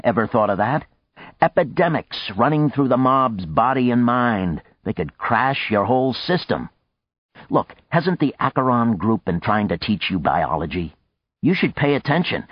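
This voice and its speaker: A man's voice: medium pitch, dry recording, voice pushed up. A man reading a blunt, lecturing male politician in a dry, dull lo-fi audiobook recording. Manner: forceful, lecturing.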